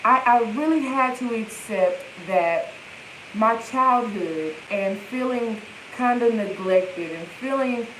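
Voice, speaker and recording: A woman talks straight into her phone like a healing coach on a live stream. Her voice sits a little high, and she leans into emphatic, repeated affirmations. The room around her is echoey, with a faint hiss under the sound. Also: takes it slowly, fairly bright tone. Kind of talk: live-stream self-help talk.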